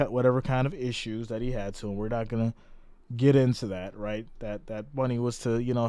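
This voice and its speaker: Clear and resonant, his medium-pitched voice comes through at studio quality with no echo. He's doing laid-back live stream commentary, reading out what viewers write and greeting them in a chatty way.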